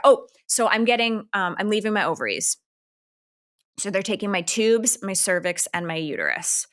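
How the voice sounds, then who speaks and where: A Canadian woman in her thirties co-hosts a podcast, her medium-pitched voice animated and fairly bright at a normal speed. The chat is candid and rambling, loaded with filler words.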